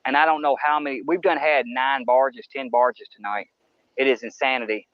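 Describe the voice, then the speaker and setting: At a moderate pace and with fairly even intonation, a medium-pitched man rambles folksily to viewers of his nighttime fishing livestream from a wooded riverbank. The sound from his camera-mounted mic near the water is dry and lo-fi.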